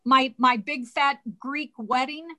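A woman's voice: sits high, fairly even intonation, takes it slowly, bright, forceful tone. A woman in a casual discussion of a play, wry and joking. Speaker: discussion participant.

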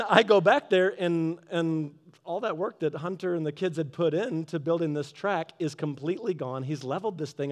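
Animated high-voiced man telling a story. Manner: animated storytelling, acting out both sides of quarrels. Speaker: Christian speaker. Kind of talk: casual devotional talk. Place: garage office.

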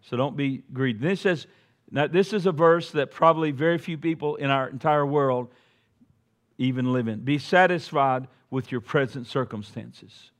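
Middle-aged male pastor preaching with rising fervor. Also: mid-range voice. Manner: conversational preaching that swells to loud emphatic peaks, with joking asides. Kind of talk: sermon. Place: church sanctuary before a congregation.

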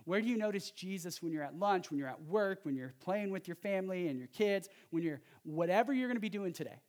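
A man preaching a sermon in a conversational, animated way, with joking asides to the congregation. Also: fairly high pitch. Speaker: pastor.

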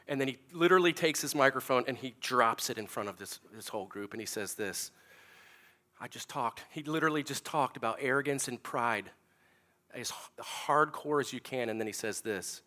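Animated preacher with a bright voice. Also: male voice, mid-range voice, fairly quick. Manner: animated, acts out sounds and stories, drops to hushed tones. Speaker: pastor. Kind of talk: sermon with storytelling.

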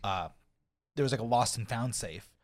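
A man's voice: mid-range voice, moderate pace. A man chatting casually on a podcast, swearing offhandedly. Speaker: podcast co-host. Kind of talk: casual chat.

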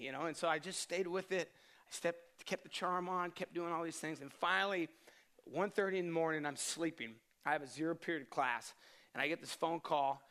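Animated bright-voiced man preaching. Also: on the high side, a little fast. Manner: animated storyteller, self-deprecating, laughs often. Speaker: pastor. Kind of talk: sermon with personal story.

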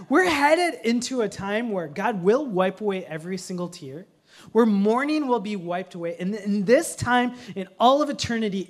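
Man preaching with lively family humor. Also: high-pitched. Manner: conversational preaching with humorous family stories, swings from hushed to loud. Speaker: pastor. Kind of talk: sermon.

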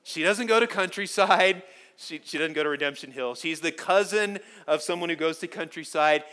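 A man preaching a sermon to his church, telling stories with lively swings from quiet to loud. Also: a little high, moderate pace. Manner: animated storytelling, swings from soft to loud. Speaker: pastor.

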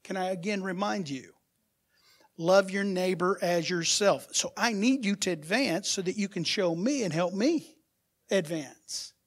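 Animated male pastor preaching. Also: high voice, a little slow. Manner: animated preaching with rhetorical questions to the congregation; swings between soft asides and loud emphatic bursts. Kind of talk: sermon.

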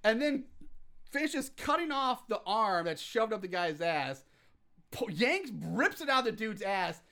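Casual podcast co-host, animated and bright, graphic laughing storyteller. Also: medium pitch, measured pace. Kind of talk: casual chat recapping a film scene.

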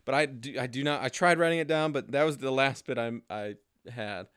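A man's voice: mid-range voice, brisk, a bit bright, clear, resonant tone, no echo, studio quality. A man co-hosting a casual movie review podcast, chiming in with jokes and quotes and chuckling often. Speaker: podcast co-host.

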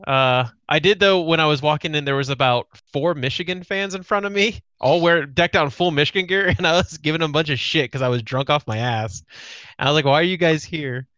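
A man co-hosting a casual sports podcast, telling loose, animated stories. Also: fairly high pitch, fast, no echo, highs cut off. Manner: loose storytelling, animated retelling. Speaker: podcast co-host. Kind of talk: casual chat.

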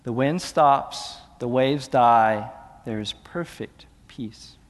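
A man preaching a sermon as pastor, moving between hushed, slow passages and raised, urgent questions. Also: medium pitch, long reverb tail.

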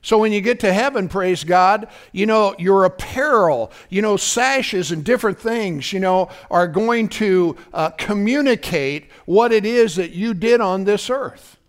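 A man's voice: high voice, unhurried, hardly any pauses, smooth. A man preaching a fervent sermon as pastor, often breaking in with "praise God" and asking if the congregation is listening.

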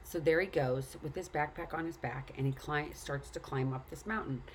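Woman, low voice, earnest, motivational talk, storytelling, faint background noise. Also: moderate pace. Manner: earnest storytelling, addressing the listener directly. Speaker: speaker.

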